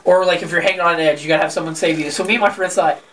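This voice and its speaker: Podcast co-host, male, bright edgy voice, rowdy anecdotes, mic a bit distant with faint hiss. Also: fairly high pitch, racing. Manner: profane, animated storyteller who laughs often. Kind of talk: casual chat.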